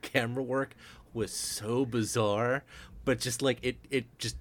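A man's voice: mid-range voice, steady tone, unhurried, a bit bright, a little hiss or hum. A man co-hosting a casual film podcast, wry and amused, often laughing along. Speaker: podcast co-host. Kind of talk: casual film review chat.

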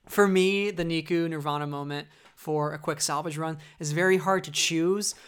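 A woman's voice: sits low, steady tone, moderate pace, clear, resonant tone. A woman hosting a podcast, chatting enthusiastically and laughing often. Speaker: podcast host. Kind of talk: casual chat.

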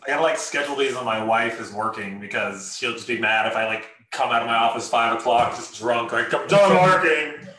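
A man's voice: mid-range voice, fairly even intonation, fairly quick, hardly any pauses, pushed and bright, echoey room, low-quality recording. A man chatting casually between sales calls, loose, joking and a bit tipsy. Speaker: sales caller. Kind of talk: casual chat.

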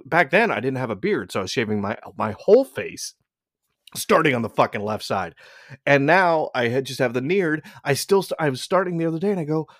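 A man in his forties, co-hosting a podcast and telling profane, animated stories in casual chat. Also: fairly high pitch, no echo, studio quality. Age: 40s. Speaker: podcast co-host.

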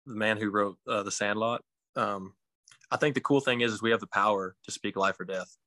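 Male pro athlete guest, bright, forceful voice, dry close sound, reflective, rewords as he goes. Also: fairly low pitch, steady tone, a little fast, dry recording. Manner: reflective, searches for words and rephrases. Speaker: guest, professional pitcher. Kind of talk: casual podcast conversation.

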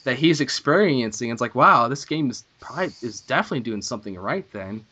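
A man co-hosting a gaming podcast, chatting casually and getting excitable and gushing when thrilled. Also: medium pitch, brisk, slightly rough. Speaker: podcast co-host.

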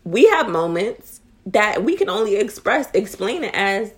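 Animated, giggly woman podcast co-host. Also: medium pitch. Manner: animated storyteller, giggly, talks fast when excited. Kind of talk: casual chat.

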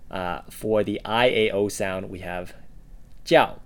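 Low-voiced man sharing example words. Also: measured pace. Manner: relaxed, with frequent "uh" and "um". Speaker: co-host giving example words. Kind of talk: casual teaching podcast.

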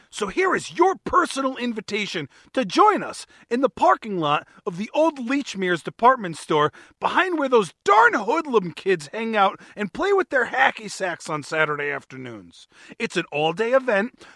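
Hammy cat-show ad announcer with a mock accent, bright and gravelly, put on by a man. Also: extremely high pitch, no room sound, studio quality, full character voice. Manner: mock accent, over-the-top hype.

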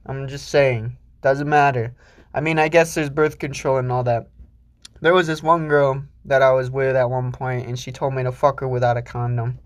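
A young man hosting a solo podcast, ranting crudely and rambling with lots of swearing, swinging between loud outbursts and low mutters. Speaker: podcast host.

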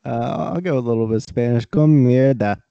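Male podcast co-host, mellow voice, dull dry recording, wry teasing delivery. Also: medium pitch, moderate pace, creaky, clear, resonant tone, no room sound. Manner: wry, teasing, swears casually. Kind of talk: casual chat.

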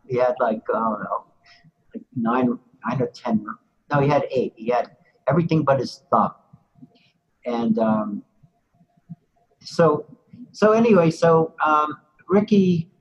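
A man's voice: medium pitch, husky, muffled recording. Older man telling a rambling story. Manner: rambling, full of "you know" asides. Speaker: interviewee. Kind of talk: casual storytelling.

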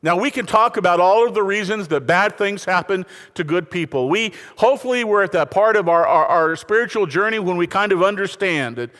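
A man preaching a sermon to a congregation, swinging from quiet, intimate passages to raised appeals and calling on listeners to turn to their neighbors. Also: sits high, a little fast, hardly any pauses. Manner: preaching with lively rises and falls, addressing the congregation. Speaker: pastor. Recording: reverberant hall.

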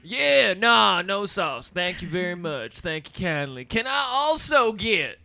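A young man voicing a drawling old country man ordering at a drive-through, slow and overly polite. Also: high voice, big pitch swings, creaky, pushed and bright, heavily acted. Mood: folksy. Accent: Southern US country (put on).

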